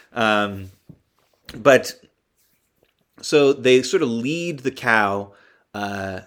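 A man on his podcast walks through a movie's plot loosely and humorously, wandering off track, filling gaps with ums, and revising what he just said. He has a medium-pitched, slightly bright voice.

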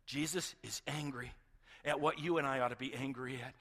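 A man's voice: medium pitch, fairly even intonation, moderate pace, pushed and bright, slightly rough. A male pastor preaching a sermon with passion, often repeating words and dropping to a near-whisper at emotional points.

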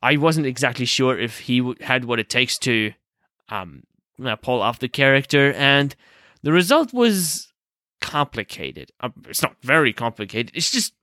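A young man hosts a casual film review, talking through his thoughts with plenty of fillers and restarts. His voice is bright and forward, and the recording is dry and close, with almost no room sound. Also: medium pitch, lively intonation, unhurried, dry recording. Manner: hesitant, many fillers and self-corrections. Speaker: movie review host.

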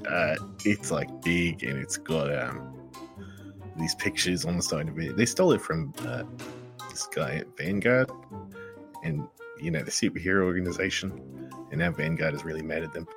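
Low, gravelly male player; rambling, hesitant in-character delivery; music behind. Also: animated, normal speed. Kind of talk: in-character tabletop role-play.

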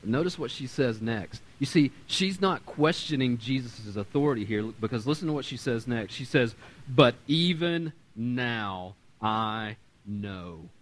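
Animated man in his thirties preaching. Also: medium pitch, moderate pace, hardly any pauses, slightly rough. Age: 30s. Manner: animated preaching, swings from loud to quiet; acts out quoted voices in conversational storytelling. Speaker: pastor. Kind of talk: sermon.

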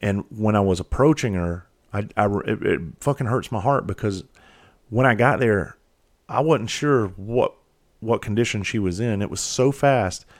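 A man with a very deep voice recounts a painful family moment. His telling is candid and profane. He halts and restarts often as the emotion presses in. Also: normal speed. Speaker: father telling a personal story. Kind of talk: candid personal storytelling.

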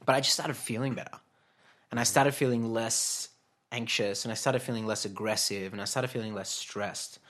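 Chatty man, low voice. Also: steady tone, normal speed, fairly bright tone. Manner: chatty, laughing, frequent fillers and restarts. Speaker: guest. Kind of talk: casual storytelling interview.

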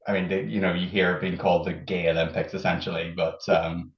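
A man's voice: sits low, flat delivery, fast talker, roomy sound, dull audio. A man with an Irish accent, a podcast guest, chatting casually and laughing, often restarting his sentences. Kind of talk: casual chat.

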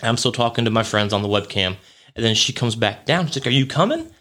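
A man's voice: fairly low pitch, fairly even intonation, quick pace, sharp tone. A young man hosting a podcast, rambling through a casual story with lots of fillers, swearing and chuckles. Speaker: podcast host.

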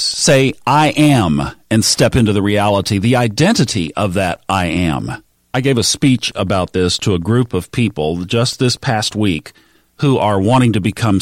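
A man's voice: mid-range voice, dry recording, clean studio sound. A man hosting a motivational podcast, coaching listeners earnestly and acting out their inner voices. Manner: earnest, coaching, acts out quoted self-talk. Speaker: podcast host.

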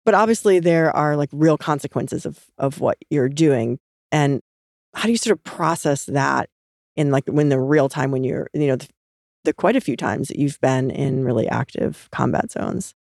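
A woman hosting a podcast asks questions in a curious, halting way. Her voice sits low with a gravelly edge, and the recording is dry and close. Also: darkish tone, dry recording. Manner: curious, hesitant phrasing. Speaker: podcast host. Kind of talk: casual interview questions.

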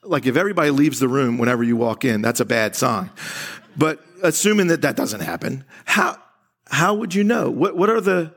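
A man's voice: mid-range voice, lively intonation, normal speed, vocal fry, fairly bright tone. A man preaching a sermon at a church service in a conversational way, often restarting his sentences. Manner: conversational, laughing often, acting out quoted voices; frequent restarts and stammered starts. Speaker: pastor.

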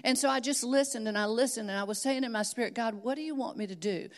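A middle-aged woman preaches, her voice sitting a little higher than most. She tells her stories earnestly and then presses her point home with emphatic, rising exhortation. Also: fast talker. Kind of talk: sermon.

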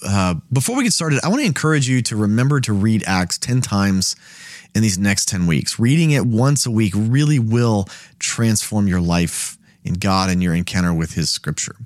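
A man's voice: fairly low pitch, expressive, normal speed, no room sound, studio quality. A man hosting a Bible study, explaining scripture in a casual, conversational way and thinking aloud as he goes.

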